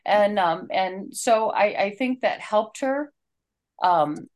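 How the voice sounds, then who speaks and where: A woman's voice: medium pitch, lively intonation, slow. A woman co-hosting a casual talk, retelling a story in an earnest, heartfelt way.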